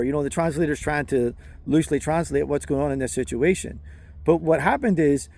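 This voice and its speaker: A middle-aged channel host tells a personal story in a casual monologue. His voice is fairly high with a darkish tone, and he halts often, restarting and using fillers.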